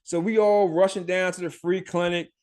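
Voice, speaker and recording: Middle-aged male podcast host, slightly high voice, rambling profane storyteller who laughs a lot. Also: little pitch movement, normal speed, a little mellow. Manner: loose and profane, laughs often, many fillers. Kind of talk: casual storytelling.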